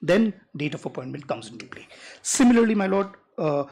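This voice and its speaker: An advocate, making a measured, deliberate legal argument in a courtroom and reading rules aloud slowly. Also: medium pitch, sing-song, a little mellow, slightly rough. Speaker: advocate arguing before a judge.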